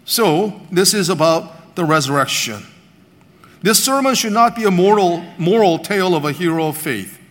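Animated male preacher in a reverberant hall. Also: sits high, moderate pace. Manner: animated storytelling, voicing biblical characters. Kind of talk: sermon.

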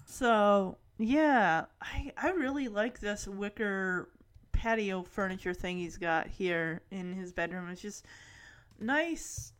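A woman's voice: medium pitch, slow pace. A woman giving a chatty, affectionate recap of a television episode, full of asides and small laughs. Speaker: show recap host. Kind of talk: casual episode recap commentary.

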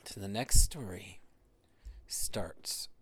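A man telling his children a bedtime story in a soft, half-whispered voice, with many pauses. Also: sits low, expressive, breathy edge.

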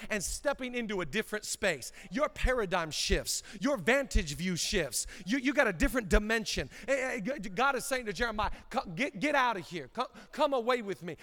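A male pastor preaching a sermon, swinging between loud bursts and quick, low asides. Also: long reverb tail. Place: church auditorium.

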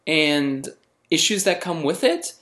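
A man's voice: fairly high pitch, very animated, slow pace, a bit bright. A man co-hosting a podcast in casual chat, blunt and opinionated with a joking edge. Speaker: podcast co-host.

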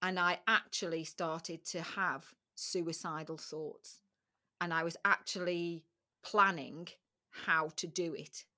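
Bright-voiced woman, frank and emotional. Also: lowish voice, fairly even intonation, slow. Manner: frank, emotional recounting with repeated phrases. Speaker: podcast guest. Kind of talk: candid personal interview.

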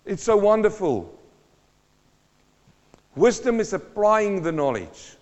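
A man's voice: sits high, big pitch swings, takes it slowly, darkish tone. A pastor preaching a sermon, emphatic and repetitive, asking his congregation rhetorical questions. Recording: dull sound with long hall reverb.

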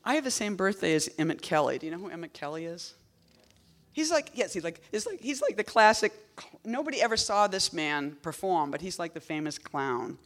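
A woman poet giving a casual talk at a reading series. She wanders off on tangents, fills gaps with "like" and "you know", and drops wry, deadpan asides. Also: fairly low pitch, fairly quick. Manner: rambling and digressive, full of "like" and "you know".

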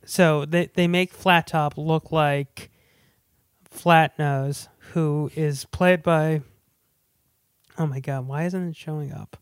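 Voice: mid-range voice, steady tone, slow, clear, resonant tone, no echo, studio quality. A podcast co-host chatting about movies in an eager, rambling way, with restarts and asides. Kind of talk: casual movie chat.

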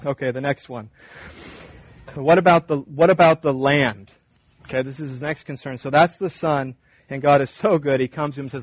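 A man's voice: mid-range voice, steady tone, normal speed, no echo. A man preaching a sermon in a conversational, emphatic way, acting out little dialogues. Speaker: pastor.

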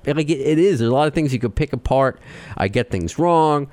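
A man with a New York accent hosting a podcast, talking fast and excitably as he rants. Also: medium pitch, no room sound. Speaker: podcast host. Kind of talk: casual chat.

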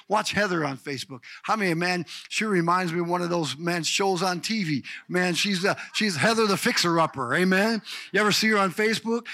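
Male pastor, lively sermon delivery, high bright voice, no room echo. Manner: exuberant, calls out congregation members by name.

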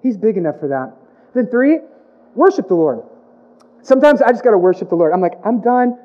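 A man's voice: sits high, big pitch swings, fairly quick. A male pastor preaching a sermon, emphatic and repetitive, with playful asides. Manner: emphatic preaching with comic put-on voices, repeated phrases. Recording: dull lo-fi sound.

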